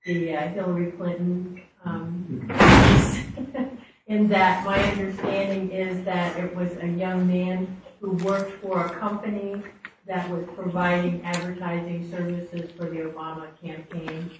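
A woman in an audience making a comment, hesitant and pausing on fillers. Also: fairly low pitch, little pitch movement. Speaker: audience member. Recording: distant, echoey and noisy room.

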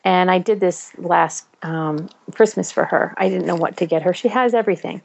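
Woman co-host, low gravelly voice, chatty and upbeat. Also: normal speed, darkish tone. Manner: chatty, recommends apps with enthusiasm. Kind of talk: casual chat.

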